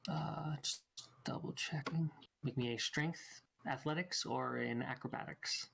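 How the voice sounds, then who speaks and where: A man with a gravelly edge to his voice runs a tabletop game over voice chat. He narrates outcomes and calls for rolls in a relaxed, chatty way, at an ordinary pitch. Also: measured pace. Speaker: dungeon master.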